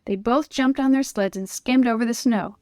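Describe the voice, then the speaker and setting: A woman reading a children's Bible story aloud in a clear, expressive storyteller manner. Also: a little high, normal speed, dry recording, studio quality. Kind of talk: scripted children's story narration.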